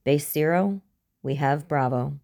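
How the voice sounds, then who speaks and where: A woman's voice: low-pitched, measured pace, darkish tone. A woman voicing a tough, blunt female squad commander who speaks in curt orders. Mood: commanding.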